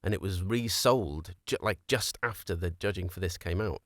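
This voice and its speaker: A deep-voiced man with a fairly bright tone co-hosts a podcast, spinning a meandering story over casual chat and laughing a lot. He speaks at normal speed in a dry, clean studio recording.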